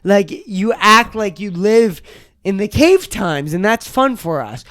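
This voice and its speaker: A young adult podcast host giving an angry, profane rant on a solo episode, sometimes breaking into shouts. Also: medium pitch, sing-song, slow pace.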